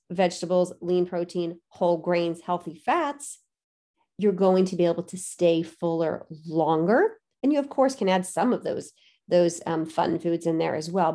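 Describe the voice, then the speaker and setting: A woman's voice: lowish voice, mellow. A woman in her forties, a fitness coach, talking earnestly and posing rhetorical questions to her listeners. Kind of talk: podcast-style coaching talk.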